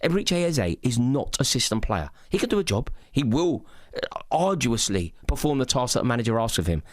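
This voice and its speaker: A man's voice: medium pitch, sing-song, a little fast, dry recording. A man gives a passionate, eloquent monologue about his club to camera. He sounds earnest and rhetorical, recorded dry and close with no room sound. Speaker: football fan content creator.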